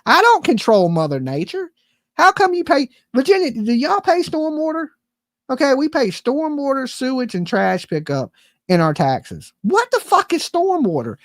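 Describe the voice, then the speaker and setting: A woman's voice: high-pitched, sing-song, normal speed, no echo. A woman ranting in casual chat, profane and exasperated, rambling with frequent restarts. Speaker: livestream host. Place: home.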